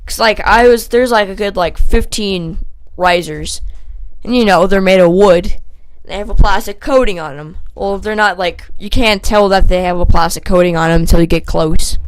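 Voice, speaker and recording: A young man telling a casual storytime vlog, rambling with lots of fillers and growing animated as he retells the story. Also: high-pitched, normal speed, clean tone. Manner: animated when retelling the fight. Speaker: channel host.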